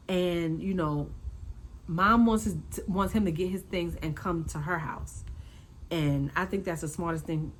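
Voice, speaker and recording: Chatty woman recapping with repeated emphasis. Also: rough recording. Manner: animated, repeats points, acts out quotes in a high voice. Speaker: reality TV recap host. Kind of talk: casual recap commentary.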